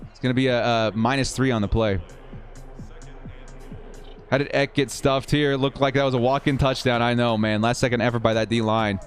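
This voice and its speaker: A man's voice: mid-range voice, a little fast. A man hosting a live stream, casually calling simulated football plays and chatting with viewers between plays. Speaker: livestream host of football game simulations. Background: faint 1980s-style background music.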